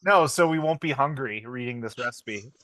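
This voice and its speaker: A man's voice: mid-range voice, lively intonation, normal speed, fairly bright tone, no echo, studio quality. A man co-hosting a podcast, chatting casually and joking, who likes doing comic impressions. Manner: jokey, slips into comic impressions. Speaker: podcast co-host. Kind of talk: casual chat.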